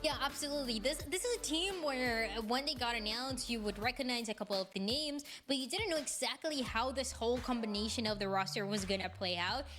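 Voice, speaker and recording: Measured female esports analyst. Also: on the high side, over music.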